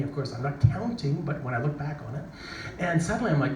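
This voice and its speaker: A middle-aged man with a fairly high voice tells an animated story from a stage, acting out other people's lines and sometimes shouting them. He is picked up from some distance, and his voice rings around a large, echoey hall with steady background noise. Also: fast. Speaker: motivational speaker. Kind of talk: storytelling keynote talk.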